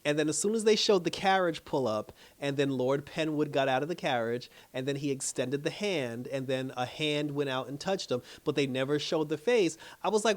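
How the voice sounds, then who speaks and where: Animated man recapping a TV episode. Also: fairly high pitch. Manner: animated, profane, laughs often, acts out characters' lines. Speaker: TV show reviewer. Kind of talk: casual recap and review.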